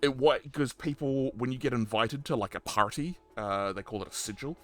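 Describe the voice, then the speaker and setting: A man's voice: medium pitch, moderate pace, dry recording. A man hosting a live stream, chatting casually with a guest and acting out quotes with lots of laughter. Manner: animated storyteller, acts out quotes, laughs often. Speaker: stream host interviewing a guest.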